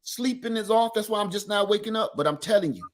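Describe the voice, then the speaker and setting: A middle-aged man with an East Texas accent, co-hosting a livestream and telling stories in animated, folksy casual chat. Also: sits high, fast talker. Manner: animated storyteller, folksy Southern talk. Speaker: livestream co-host.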